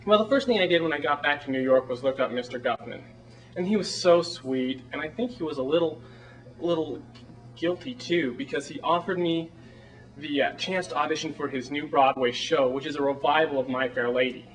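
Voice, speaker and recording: A flamboyant small-town theater director, played by a man, gushes and rambles in a somewhat high voice. He sounds a little far from the microphone. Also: a little fast, natural voice. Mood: gushing. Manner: chatty, rambling, gushing. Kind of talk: film monologue performance.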